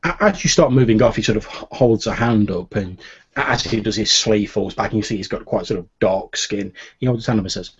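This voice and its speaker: A man with a low, husky voice narrates as game master of a tabletop game, laying out scenes in a measured way. The recording is slightly dull.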